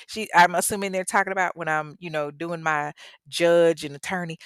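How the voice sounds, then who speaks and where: A young woman hosts her own podcast, chatting loosely in slang and tossing in asides to her listeners. Her voice sits fairly low. The sound is dry and close, with no room around it. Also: fairly quick, a bit bright, smooth, dry recording. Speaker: podcast host. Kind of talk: casual podcast chat reading listener reviews.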